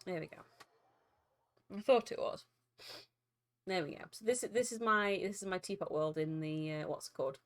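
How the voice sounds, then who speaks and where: A woman's voice: on the low side, moderate pace, pauses often. A woman streaming live, chatting casually with viewers in a rambling, giggly way with frequent restarts.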